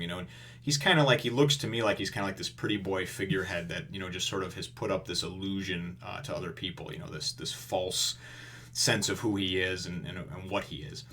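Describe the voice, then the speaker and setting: A man with a somewhat low voice hosts a casual comic review vlog. He rambles through the story with plenty of fillers and amused chuckles. The tone is loose and conversational. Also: fairly quick, pushed and bright, a little hiss or hum.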